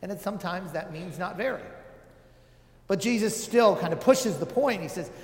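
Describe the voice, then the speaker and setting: A man's voice: high-pitched, normal speed, a little mellow. A man giving a casual, conversational sermon, with joking asides and many filler words. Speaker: preacher. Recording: echoey hall with long reverb.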